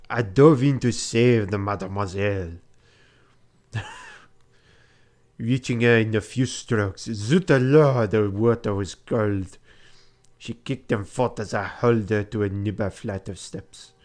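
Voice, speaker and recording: A courtly male traveller narrates his adventure with a French accent, polite and mannered like a storybook. The voice sits fairly low, as a man acts him out. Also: slow, a little mellow. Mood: storytelling.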